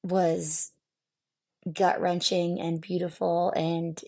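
A woman therapist hosting a solo podcast, who is losing her voice. She talks candidly and reflectively, pausing often with fillers. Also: on the low side, flat delivery, a little mellow. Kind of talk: casual solo podcast talk.

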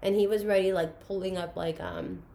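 A woman's voice: mid-range voice, a little fast. Woman telling a personal story. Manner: animated, acts out quoted voices, laughs through emotional moments. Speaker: guest sharing her story.

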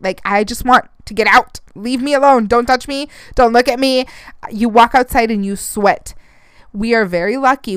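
Young female podcast host, rambling and swearing, drops in Spanish phrases, smooth voice, dry close sound. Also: mid-range voice, dry recording. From Arizona, United States. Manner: chatty and rambling, swears, mixes in Spanish phrases, laughs often. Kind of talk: casual solo podcast rant.

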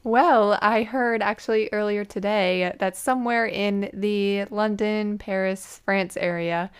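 A woman's voice: mid-range voice, steady tone, a little slow, clean tone. A woman co-hosting a podcast, telling chatty anecdotes in casual talk. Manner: chatty anecdotes, laughs softly. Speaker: podcast co-host. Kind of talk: casual storytelling chat.

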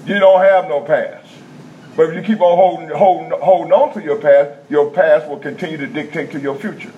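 In a prison chapel, a male preacher gives a folksy sermon, circling back over his phrases before rising into emphatic bursts. His voice sits a little high for a man, with a steady tone and a slightly fast pace. The recording is dull and lo-fi, with faint room ambience and slight background noise.

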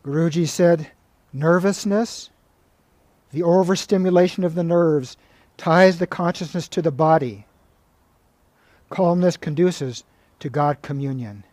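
A monk giving a spiritual talk, with a fairly high yet mellow, warm voice. He tells stories calmly and at an even, measured pace. The sound is dry and close. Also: dry recording. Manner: calm, measured storytelling with reading aloud of quoted passages.

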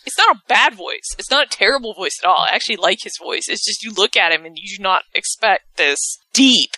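A woman co-hosting a wrestling podcast, chatty and animated, with playful asides. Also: mid-range voice, fast talker, no echo, poor audio. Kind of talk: casual chat.

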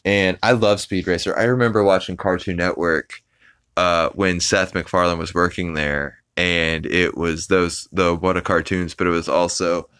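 A man's voice: low-pitched, steady tone, moderate pace, a bit bright, clean tone. A man hosting a podcast, casually recapping an episode in a rambling way full of fillers and restarts. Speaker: podcast host.

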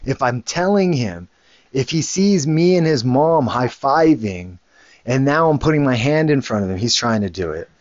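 A man's voice: mid-range voice, lively intonation, normal speed, dry recording, highs cut off. Rambling man telling a casual story. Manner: rambling, with many restarts and casual swearing. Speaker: father and show host.

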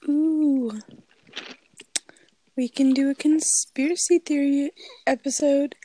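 A young woman co-hosting a podcast, chatting casually with frequent giggles and drawn-out fillers into a close mic. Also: high voice, level tone, warm tone, no room sound. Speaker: podcast co-host. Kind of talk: casual chat.

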